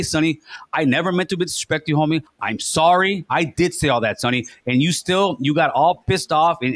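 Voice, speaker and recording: Fast-talking man, heated. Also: on the high side, fairly bright tone, no echo. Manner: fast, accusing, profane, repeats himself. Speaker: podcast host. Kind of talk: heated confrontation.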